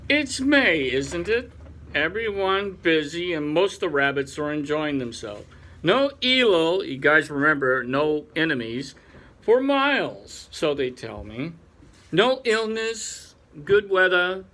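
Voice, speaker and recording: A man's voice: a little high, sing-song, pushed and bright, exaggerated voice. Man putting on a pompous, drawling old chief rabbit. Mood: patronizing. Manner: slow, drawling, patronizing. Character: pompous older male chief rabbit, condescending.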